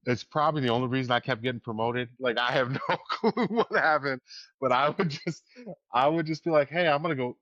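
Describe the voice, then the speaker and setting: A man's voice: mid-range voice, fairly quick, fairly bright tone, no echo. A man co-hosts a casual podcast, rambling through anecdotes with frequent laughs and the odd curse. The recording is dry with no room sound. It is also a little dull and lo-fi. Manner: rambling storyteller, swears, laughs often. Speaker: podcast co-host. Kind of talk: casual chat.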